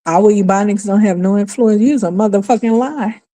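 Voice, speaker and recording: A woman with a New Orleans accent holds forth on a casual livestream. She is emphatic and exasperated, and she swears freely. Her voice has a dark, mellow tone. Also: medium pitch, a little fast. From New Orleans, USA. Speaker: livestream host. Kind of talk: casual opinionated livestream talk.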